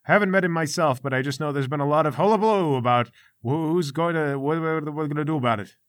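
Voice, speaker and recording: A man's voice: a little high, fast talker, dry recording, studio quality, lightly acted. A man voicing a fussy, flustered old male village elder who stammers and hesitates, in a tabletop game.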